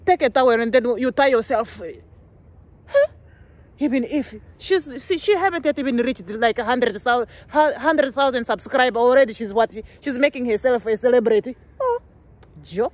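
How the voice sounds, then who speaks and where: A young woman from Namibia, a gossip vlogger, delivers a heated, rambling rant straight to her viewers. Her voice sits a little high, and she keeps stumbling into restarts and rhetorical "what"s as she pushes her points. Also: moderate pace. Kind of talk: ranting commentary to the camera. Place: living in Sweden.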